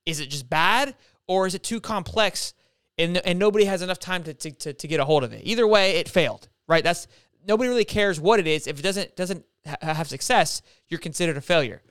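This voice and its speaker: Fired-up high-voiced man talking sports. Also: animated, a little fast, fairly bright tone, clear, resonant tone, no echo, clean studio sound. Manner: fired-up, emphatic, keeps tacking on "okay?". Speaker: podcast host. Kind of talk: casual sports talk.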